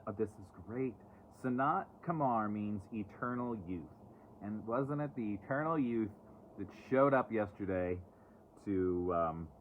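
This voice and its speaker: A chatty man with a lowish voice reads oracle cards on a live stream, dropping sarcastic asides as he goes. He talks outdoors into a phone, and the sound is thin and tinny, like a phone line. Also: slight background noise. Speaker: oracle card reader. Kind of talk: casual live-stream card reading. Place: outdoors, away from home.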